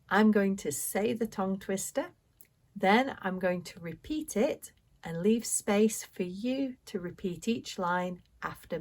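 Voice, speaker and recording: A woman with a British accent teaching English pronunciation, speaking clearly and deliberately with pauses for learners to repeat. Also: medium pitch, darkish tone. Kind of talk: slow pronunciation lesson.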